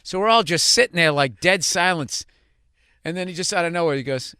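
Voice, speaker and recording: A man's voice: sits high, normal speed, sharp tone, clean tone. A man with a Boston accent hosting a podcast, telling rambling stories in casual chat with swearing and laughter. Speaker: podcast host.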